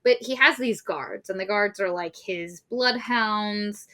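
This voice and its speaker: A woman co-hosting a casual book-review podcast, retelling the plot in a profane, animated way and acting out quotes. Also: medium pitch, slow. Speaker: podcast co-host.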